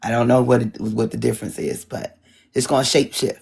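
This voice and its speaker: A middle-aged woman moderating an online town hall, chatting casually with a husky voice and joking asides. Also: extremely low pitch, lively intonation, fairly quick, a little mellow. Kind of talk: casual chat to an audience.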